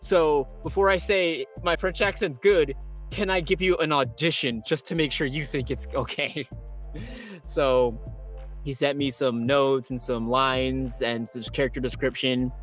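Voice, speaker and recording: A man, a voice actor, telling his stories as a guest in an interview, excitable and quoting himself with big jumps in pitch. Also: measured pace, faint music behind. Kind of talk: animated storytelling in an interview.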